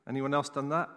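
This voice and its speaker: A man preaching a sermon at an ordinary mid pitch, telling a personal story in a frank, chatty way. He drops quick asides to the congregation. His voice rings through a large hall with a long reverb. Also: a bit bright. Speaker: pastor.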